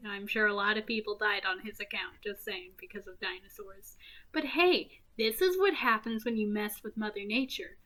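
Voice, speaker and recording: A woman's voice: mid-range voice, moderate pace, bright, forceful tone. A woman giving a casual, rambling movie recap with goofy, self-mocking asides and giggles. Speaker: movie reviewer.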